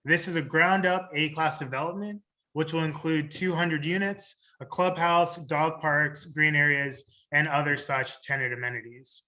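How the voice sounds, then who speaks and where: Brief: crisp, bright male presenter pitching a deal on a video call. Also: normal speed. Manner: relaxed, joking while setting up.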